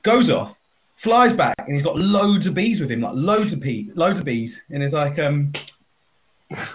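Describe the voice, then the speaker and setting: A man's voice: fairly high pitch, big pitch swings, normal speed, slight background noise. A man co-hosting a podcast, telling long rambling dad jokes in a chatty, casual way and laughing along. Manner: chatty, rambling storyteller who laughs at his own jokes. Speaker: podcast co-host. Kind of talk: casual dad-joke swapping.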